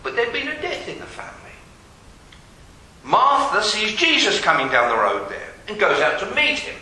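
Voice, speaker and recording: A man preaching a sermon, asking his listeners pointed questions and dropping from loud to hushed. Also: high-pitched, very animated, moderate pace. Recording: very echoey hall with faint hiss.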